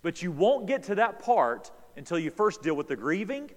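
A man's voice: high-pitched, very animated, normal speed. A man preaching a sermon as pastor, with an emphatic, storytelling delivery, recorded in a church sanctuary. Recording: reverberant hall.

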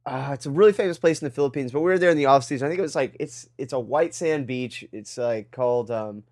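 A man's voice: mid-range voice, quick pace. Casual man telling a travel story. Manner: rambling, laughs loudly at punchlines. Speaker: podcast co-host.

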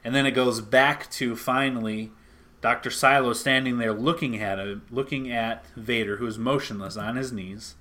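A man with a bright, forceful voice retells a comic book story in a casual chat. He talks in an animated way and acts out the characters' lines as he goes. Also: mid-range voice, moderate pace.

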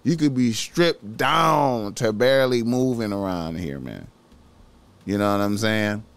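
A man's voice: lowish voice, animated, a little slow, vocal fry, clear, resonant tone. A man hosting a podcast, talking casually in a slangy, profane, preachy way, repeating himself as he urges listeners. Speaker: podcast host.

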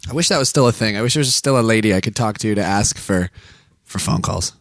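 A young American man co-hosting a comedy talk show, teasing his guest in excitable, jokey banter. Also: on the low side, quick pace, no echo, clean studio sound. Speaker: radio show co-host.

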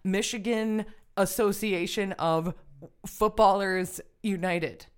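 A woman's voice: mid-range voice, fairly even intonation, slow, clean tone. A woman co-hosting a comedy podcast, riffing absurdly on made-up sports news. She rambles and breaks into laughter mid-sentence. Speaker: podcast co-host.

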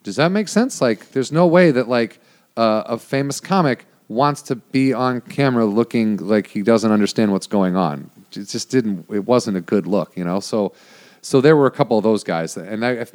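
This is a man with a somewhat low voice, chatting casually as a guest. He tells stories in a loose, rambling way, peppered with "like" and the odd curse. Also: darkish tone. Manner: rambling, many "like" fillers, frequent swearing. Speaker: guest, former prank show producer. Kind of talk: casual storytelling chat.

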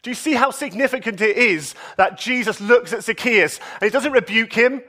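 A man preaching a sermon, expressive, moving between emphatic raised passages and soft, low ones. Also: moderate pace.

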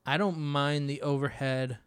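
Guy talking on a podcast, halting, starts over a lot, dry sound. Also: fairly high pitch, fairly even intonation, clean tone, dry recording. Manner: hesitant, halting. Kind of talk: casual chat.

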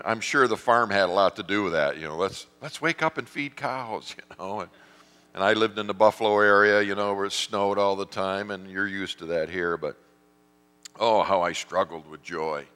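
Low-voiced pastor in a reverberant hall. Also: male voice, steady tone, normal speed, sharp tone, clear, resonant tone. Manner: storytelling, acts out voices, self-deprecating. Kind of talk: sermon.

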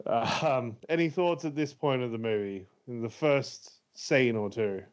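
A man co-hosting a podcast, talking slowly through a film's plot in a loose, rambling way. He pads his sentences with fillers and laughs often. The recording sounds a little dull and muffled. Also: mid-range voice. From Australia. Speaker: podcast co-host. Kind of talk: casual movie review chat.

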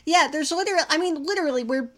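A woman's voice: sits high, very fast. A woman co-hosting a podcast in blunt casual chat. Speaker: podcast co-host.

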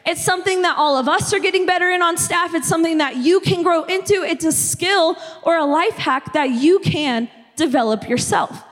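A young woman from the United States who preaches a conversational sermon as a youth pastor and keeps checking in with "okay?". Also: extremely high pitch. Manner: conversational, repeatedly asking "okay?". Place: church hall. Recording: long church hall reverb.

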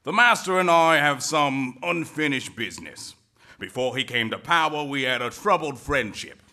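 A man playing an earnest young hero seeking revenge in improv comedy, stammering and deadpan. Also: medium pitch, normal speed.

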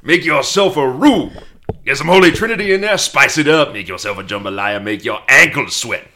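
A man doing a jokey high-pitched Cajun cook voice, drawn out and lively. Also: moderate pace. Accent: Cajun put-on. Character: boisterous Cajun man giving cooking advice.

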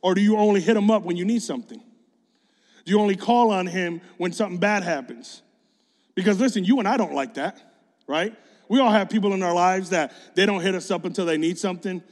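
Male preacher, high voice, relaxed slangy sermon delivery, long reverb of a large hall. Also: brisk. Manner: casual, slangy storytelling.

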